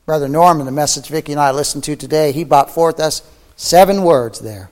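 A man preaching a fervent sermon, reading scripture aloud, his voice climbing high and then falling to near-whispers. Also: brisk, long reverb tail. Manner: fervent preaching, soaring then dropping to a hush.

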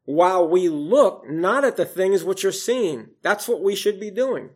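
A man preaching a sermon, quoting scripture in old King James wording and swinging from loud emphasis to quiet, low passages. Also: expressive, unhurried, breathy edge. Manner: rises and falls in volume, emphatic then hushed.

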